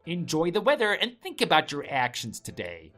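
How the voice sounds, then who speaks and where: A woman's voice: low-pitched, huge pitch swings, normal speed, fairly bright tone, soft background music, heavily acted. A woman voicing an arrogant, contemptuous young husband who sneers and scolds his wife. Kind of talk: story drama voice acting.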